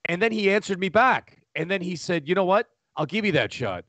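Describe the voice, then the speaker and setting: Middle-aged male podcast guest, loud animated storyteller, slightly high voice, dry close mic. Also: fairly quick, dry recording. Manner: animated, talks loudly with many restarts and laughs. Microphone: studio microphone.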